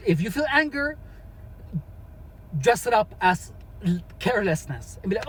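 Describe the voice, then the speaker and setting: High-voiced man rambling advice. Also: big pitch swings, moderate pace, pauses often, a bit bright, a little hiss or hum, low-quality recording. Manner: rambling, many restarts and fillers. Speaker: vlogger giving advice. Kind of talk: casual advice monologue.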